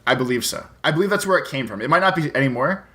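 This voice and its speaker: A man's voice: mid-range voice, animated, rapid-fire, pushed and bright. A man co-hosting a podcast, swearing freely and teasing his co-host. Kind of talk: casual chat.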